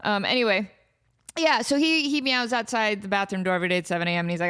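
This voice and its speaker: A woman hosting a casual comedy podcast, animated and laughing often as she riffs and quotes her cat. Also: medium pitch, fast talker, smooth. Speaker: podcast host. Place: home in desert valley.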